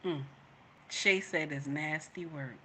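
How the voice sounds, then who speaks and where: Bright-voiced woman reacting to a video. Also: low voice, slow, slight background noise. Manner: animated, repeats herself, talks to viewers. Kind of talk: casual reaction commentary.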